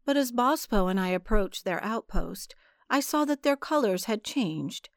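Woman narrator, audiobook read, slow and measured, dry close sound. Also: mid-range voice, lively intonation, no echo. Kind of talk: scripted story narration.

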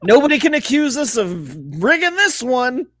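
A high-pitched man joking through a casual sports podcast, swearing and breaking into laughter as he mimics officials. His voice is recorded close and dry, with no room sound. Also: sing-song, moderate pace, fairly bright tone, dry recording. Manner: laughing, profane, mock-quoting officials. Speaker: podcast co-host.

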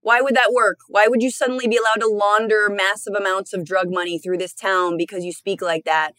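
A woman's voice: mid-range voice, a little fast, no echo, studio quality. A woman co-hosting a podcast, chatting casually with lots of fillers and jokes. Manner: animated, joking, lots of fillers. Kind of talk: casual chat.

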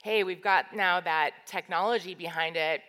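A woman's voice: on the low side, moderate pace, a bit bright. A woman speaking on a conference panel, loosely explaining with fillers. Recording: reverberant hall on stage mic.

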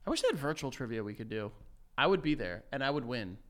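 Animated, teasing podcast co-host, a man. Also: mid-range voice, quick pace. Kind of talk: casual podcast banter.

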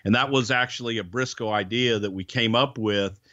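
A man's voice: medium pitch, fairly quick, fairly bright tone, dry recording, dull audio. A man telling a backstage story in a casual interview, rambling with restarts and casual swearing. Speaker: guest, former wrestling TV producer.

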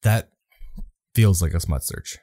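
A man's voice: low-pitched, lively intonation, a little slow, warm tone, breathy edge, no room sound, clean studio sound. A man co-hosting a casual podcast, laughing often and blurting out swears. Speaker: podcast co-host.

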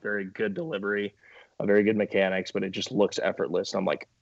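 A man's voice: fairly low pitch, level tone, fast talker, vocal fry, dry recording, muffled recording. A young man talking casually as a guest, laid-back and laughing often, with many fillers. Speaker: minor league baseball pitcher, guest. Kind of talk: casual podcast chat.

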